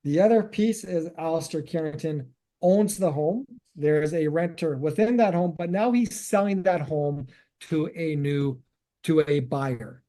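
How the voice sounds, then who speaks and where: Podcast guy walking thru the rules slowly, mellow tone, kinda higher voice. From Canada. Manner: explains step by step, recaps points. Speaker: realtor podcast co-host. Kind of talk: casual podcast chat.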